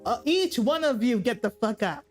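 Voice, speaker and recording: A woman's voice: a little high, expressive, normal speed, a little mellow, soft background music. A woman voicing a possessive young prince who barks orders at guards, during a story retelling. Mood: commanding. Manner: barking orders, profane.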